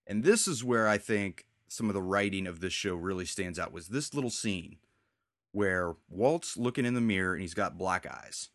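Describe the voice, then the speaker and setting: A man with a lowish voice talks through a TV episode in a loose, rambling way, acting out characters' lines as he goes. The sound is dry and close, with no room around it. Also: expressive, normal speed, a bit bright, no echo. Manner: rambling, retells scenes with quoted lines. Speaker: podcast host. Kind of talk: casual TV recap chat.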